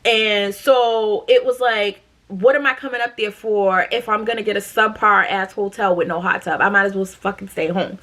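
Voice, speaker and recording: A woman in her thirties from Massachusetts telling a storytime to camera in a blunt, profane, animated way. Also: mid-range voice, normal speed, hardly any pauses. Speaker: storytime vlogger.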